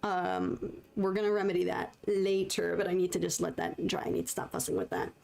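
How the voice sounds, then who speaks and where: A woman's voice: fairly low pitch, very animated, a little fast, creaky, darkish tone. A woman chatting casually to her viewers while painting on a live stream, rambling and self-conscious, with lots of fillers.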